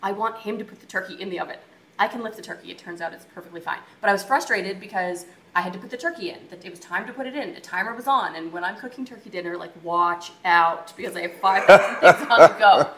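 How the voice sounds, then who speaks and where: A woman co-hosting a marriage talk, telling personal stories in a casual, animated way. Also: mid-range voice. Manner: animated, talks through stories with quick asides. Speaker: marriage coach co-host. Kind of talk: casual chat, personal storytelling. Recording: echoey room with faint noise.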